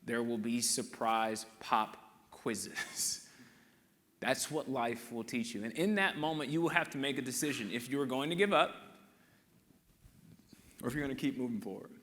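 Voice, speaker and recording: A man giving a live motivational talk, telling stories and acting out what people said in an animated way. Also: mid-range voice, moderate pace, long pauses. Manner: animated storyteller acting out quotes. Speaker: motivational speaker. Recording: echoey hall sound.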